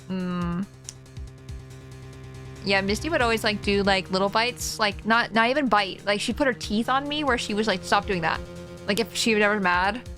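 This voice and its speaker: A woman's voice: medium pitch, normal speed, fairly bright tone, soft background music. A young woman streaming a game, chatting casually and giggling, with lots of "like" fillers. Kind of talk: casual gaming stream chat.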